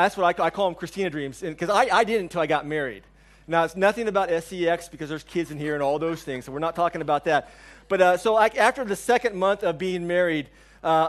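A man in his forties preaching a sermon, telling a funny story with asides to the congregation. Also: a little high. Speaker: pastor.

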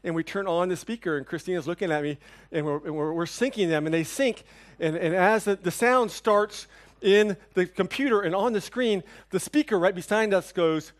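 A man preaching a sermon, telling a personal story with lively, animated delivery that drops to hushed, somber tones. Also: high-pitched, moderate pace. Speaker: pastor.

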